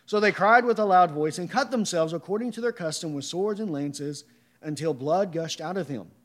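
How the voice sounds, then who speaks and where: High-voiced man preaching a sermon. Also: moderate pace, a bit bright. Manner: rhetorical questions, emphatic.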